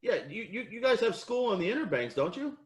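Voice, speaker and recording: A man's voice: high voice, sing-song, a little fast, roomy sound. A man improvising a comedy scene over a video call, eager and stammering. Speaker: improv performer.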